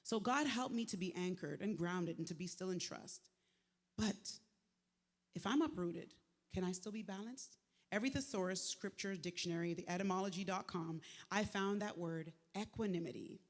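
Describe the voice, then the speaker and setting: A woman giving a live motivational faith talk, conversational and lively, with slangy asides to the crowd. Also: lowish voice, normal speed. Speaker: speaker at a faith event. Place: large venue, live event. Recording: echoey hall with long reverb.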